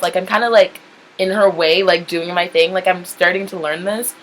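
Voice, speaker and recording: A woman's voice: fairly low pitch, steady tone, a little fast, rough recording. A young woman chats straight to camera in a loose, rambling storytelling voice. She leans on "like" in almost every phrase and swears casually. A faint hum of background noise sits under her voice. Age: young adult. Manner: chatty, rambling, heavy use of "like", candid swearing. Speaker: vlogger.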